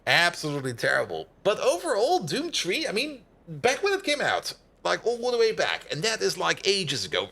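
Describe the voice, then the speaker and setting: A male game streamer with a high, lively voice, chatting loosely as he plays. He laughs often and greets viewers as they arrive, in a bright, animated way. Faint music runs underneath. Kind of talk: casual live-stream chat.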